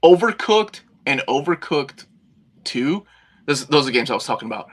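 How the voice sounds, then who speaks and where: A man's voice: mid-range voice, moderate pace. A middle-aged man co-hosting a casual chat about games, telling stories animatedly. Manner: animated, acts out yelling at friends. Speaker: podcast co-host.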